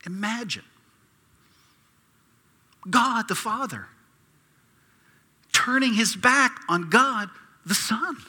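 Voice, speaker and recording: A man preaching in a church sanctuary, his voice high and bright with wide, lively swings in pitch. He speaks slowly with a husky edge. He moves between hushed, near-whispered asides and loud, pleading outbursts, and a long reverb trails each phrase in the hall. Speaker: pastor. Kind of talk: sermon.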